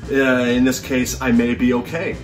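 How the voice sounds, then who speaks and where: A man's voice: mid-range voice, normal speed, recorded from a distance, soft background music. Rambling, joking man collector. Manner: rambling, joking, excitable bursts. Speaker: collector vlogger. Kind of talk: casual chat to camera. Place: at home.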